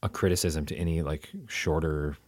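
A man's voice: rumbling low, little pitch movement, normal speed, darkish tone, no echo, clean studio sound. A middle-aged man chatting casually, thoughtful and hedging as he talks. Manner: thoughtful, hedging, restarts phrases. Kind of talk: casual chat.

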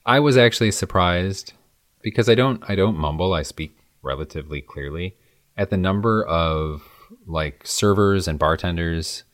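A man tells stories in relaxed, easy conversation, clearly enjoying himself. His voice sits very low. The sound is close and dry, with no room echo. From American Midwest. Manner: chatty, enthusiastic storytelling. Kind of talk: casual chat.

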